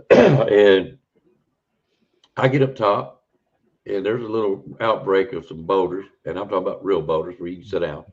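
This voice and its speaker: A man's voice: sits low, steady tone, normal speed, pauses often, darkish tone. A man, a podcast guest telling a rambling, folksy encounter story in a casual way. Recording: dull lo-fi audio.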